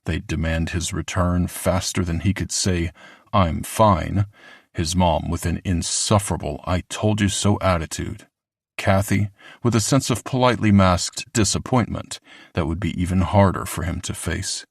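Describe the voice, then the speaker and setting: A man narrating an audiobook with steady, even storytelling. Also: low-pitched, normal speed, creaky, husky, dry recording, studio quality. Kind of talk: scripted narration.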